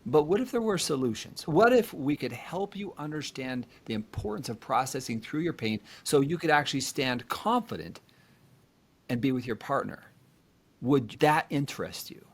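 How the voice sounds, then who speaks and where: A man's voice: mid-range voice, expressive, normal speed. A man hosting a relationship podcast as a therapist, explaining things and speaking directly to listeners. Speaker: therapist host.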